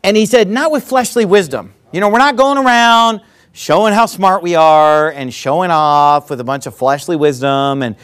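A man preaching a sermon in church, animated and mocking, with frequent laughing asides. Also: on the high side. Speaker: pastor.

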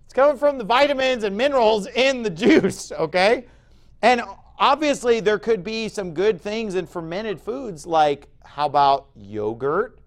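A pastor in his forties preaching a sermon in an emphatic, conversational way, with sudden loud bursts. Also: sits high, animated, measured pace.

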